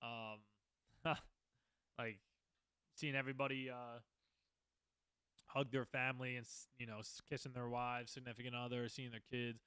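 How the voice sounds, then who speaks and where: A man's voice: mid-range voice, flat delivery, normal speed, long pauses, bright, forceful tone, clean tone, no room sound. Young man telling rambling war stories. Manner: rambling, swears a lot, restarts often. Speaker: podcast host. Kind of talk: casual storytelling monologue.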